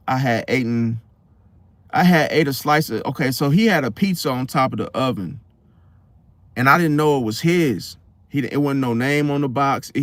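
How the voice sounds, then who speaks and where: A young man, casually telling a personal story in slangy, animated talk. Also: medium pitch, no room sound. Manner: slangy, animated retelling, acts out quotes.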